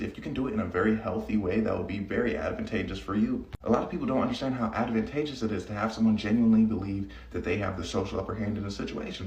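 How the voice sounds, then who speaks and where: A cocky man rattles through a casual advice monologue at a fast clip, slipping into personal stories. He sits a little back from the mic in an echoey room. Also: medium pitch, a little mellow, far from the mic, slight background noise. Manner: cocky, conversational, storytelling.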